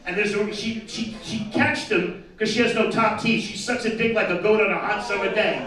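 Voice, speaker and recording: A male stand-up comedian speaks at normal speed in a high voice with fairly even intonation, doing a crude, brash set and teasing the crowd at a live event. Laughter and chatter from the audience echo around the distant mic.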